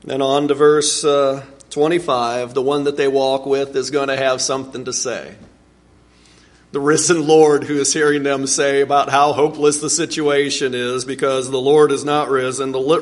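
A man preaching a sermon, earnest and animated, with sudden swings in pitch and volume. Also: moderate pace. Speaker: pastor.

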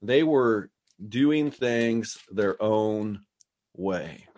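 A man's voice: on the low side, expressive, extremely slow, darkish tone. Man preaching through scripture. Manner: expository preaching with frequent restarts and paraphrased quotes. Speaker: pastor. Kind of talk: sermon.

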